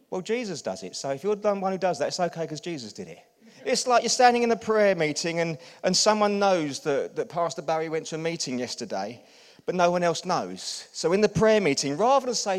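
A man preaching a sermon as a pastor, getting the congregation to repeat lines and swinging from hushed to loud. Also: fairly high pitch, big pitch swings, normal speed. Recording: long hall reverb.

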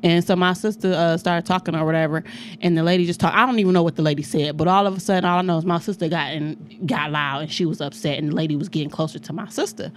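Brash, fast-talking woman telling stories. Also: lowish voice, slight background noise. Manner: brash, profane, animated storytelling. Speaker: podcast host. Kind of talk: casual chat.

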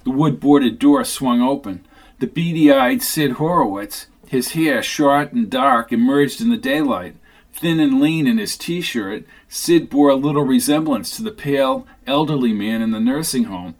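A man reading a novel aloud as narrator, in a steady, even manner. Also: medium pitch, measured pace. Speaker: audiobook narrator. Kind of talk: scripted narration.

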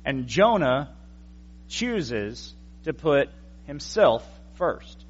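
A man's voice: mid-range voice, sing-song, extremely slow, breathy edge, muffled recording. A male pastor giving a conversational teaching sermon with wry asides to the congregation. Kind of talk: explanatory evening sermon.

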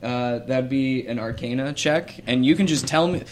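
Male game master, mid-range voice, relaxed descriptive narration. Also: medium pitch, normal speed, a little hiss or hum.

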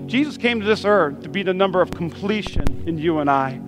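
A pastor preaching a sermon in church, emphatic and repetitive, calling out to the congregation. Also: male voice, high voice, lively intonation, brisk, music in the background.

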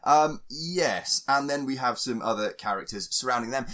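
A man hosting a casual film review chat, wry and animated. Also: medium pitch, normal speed. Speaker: podcast host.

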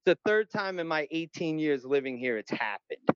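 Middle-aged dude spinning a wild story, kinda high voice, dry muffled audio. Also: male voice, moderate pace, smooth, no room sound. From Long Island, New York. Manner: animated, profane, acts out voices in quotes. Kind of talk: casual storytelling.

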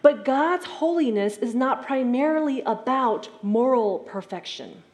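A woman's voice: sits high, expressive, unhurried, darkish tone. Woman preaching in a conversational tone. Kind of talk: sermon.

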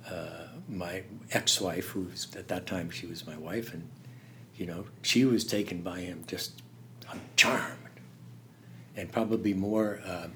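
An older man telling stories in an interview, halting and laughing, dropping to a hush when he quotes someone. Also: deep voice, steady tone, a little hiss or hum. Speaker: interview guest. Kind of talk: storytelling in conversation.

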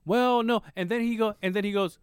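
A man's voice: high voice, steady tone, a little fast, clean tone, no room sound, clean studio sound. A man co-hosting a podcast, telling a long story in casual chat and acting out the people in it, swearing freely. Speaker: podcast co-host.

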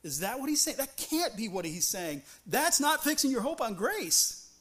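High-voiced man preaching a conversational sermon. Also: big pitch swings, moderate pace, a bit bright. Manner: earnest, conversational preaching with frequent restarts and rhetorical questions. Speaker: pastor.

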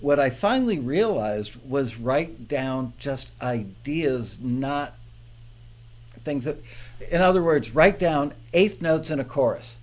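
A man hosting a casual show, telling stories about learning to produce music in a relaxed way with fillers. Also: mid-range voice, takes it slowly. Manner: relaxed, storytelling with filler words. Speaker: host. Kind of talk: casual chat about songwriting.

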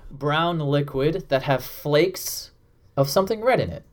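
A man narrating a tabletop game as game master, describing scenes in a measured, descriptive way. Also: fairly high pitch, lively intonation. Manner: descriptive, slows down for atmosphere.

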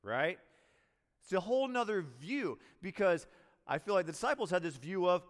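A male military chaplain preaching in an easy, conversational way, often slipping into quoted dialogue. His voice sits a little higher than most men's. A long hall reverb trails behind him. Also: big pitch swings, moderate pace. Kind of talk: sermon.

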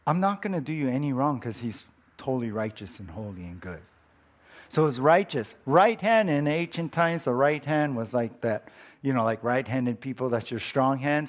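A middle-aged man preaching a sermon as pastor, earnest and emphatic, repeating his key phrases for weight. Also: medium pitch.

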